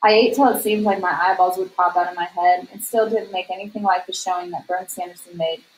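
A woman reading a novel aloud at a steady, measured storytelling pace. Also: on the low side, slight background noise, rough recording. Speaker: reader.

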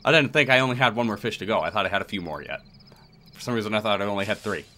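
A man's voice: on the low side, very fast, sharp tone, slight background noise. A man playing a horror game, giving casual commentary with sarcastic, muttered asides. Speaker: let's play gamer.

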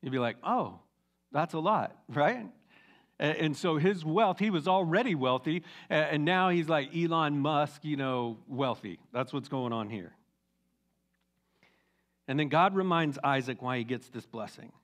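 Pastor guy, kinda high voice, loose chatty sermon, jokes and asides while reading the bible. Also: a little slow. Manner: casual, animated Bible retelling with asides. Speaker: teaching pastor.

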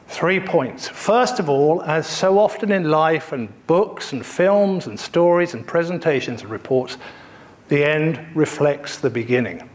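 A man's voice: fairly high pitch, a little slow. Emphatic man teaching presentation skills. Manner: emphatic, playful, repeats key points. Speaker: communication skills trainer. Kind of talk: workshop presentation to researchers.

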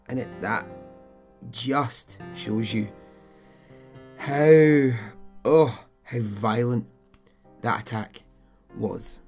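A man hosting a podcast, telling a true-crime story in a chatty, blunt way, swearing and adding his own asides. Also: mid-range voice. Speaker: podcast host.

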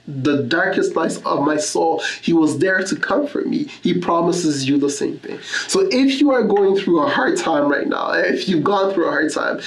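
A man's voice: a little high, roomy sound, rough recording. A man pastor giving an earnest sermon, telling a personal testimony and reading Scripture. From Canada. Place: church.

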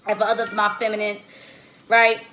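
A woman's voice: medium pitch, completely flat delivery, normal speed, bright, forceful tone, a little hiss or hum. A woman giving a casual tarot reading in a slangy, profane, emphatic way, often checking in with "okay?". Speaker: tarot reader.

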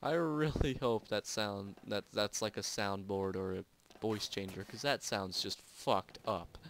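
A young man doing let's play commentary from home, excitable, yelping and swearing as he plays. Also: fairly low pitch, a little slow, gravelly. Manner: excitable, loud yelps and swearing. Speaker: gamer and video host. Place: home at night.

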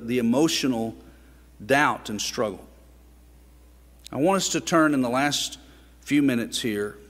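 A man with a mid-range, slightly bright voice preaches a sermon in a church sanctuary, where a long reverb trails his words. He's earnest, building up to emphatic rhetorical questions.

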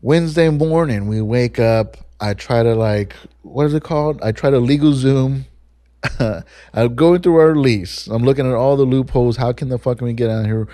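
A young man hosting a podcast, telling a story in a casual, profane, animated way and acting out the people he quotes. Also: mid-range voice, moderate pace, dry recording, studio quality. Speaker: podcast host.

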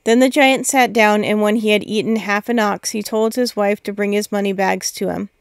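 A woman narrating a fairy tale, reading in a measured, steady way. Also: mid-range voice, smooth, dry recording, clean studio sound. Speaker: storyteller. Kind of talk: storybook narration.

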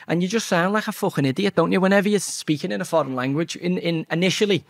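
A guest in his forties with a Scouse accent tells a rambling anecdote in a high, creaky voice, talking fast. He swears constantly and keeps restarting his sentences during this casual storytelling.

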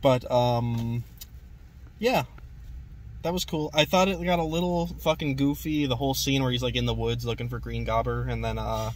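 A man's voice: mid-range voice, steady tone, normal speed, a little hiss or hum. A man hosting a casual movie review chat in a restaurant, rambling and swearing often. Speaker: host. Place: fast food restaurant.

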